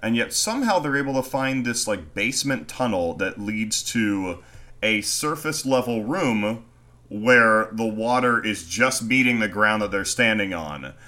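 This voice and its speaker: A man co-hosting a casual movie review chat, swearing freely and acting out scenes from the film in quick quoted voices. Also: on the low side. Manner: animated, profane, acts out scenes in quoted voices.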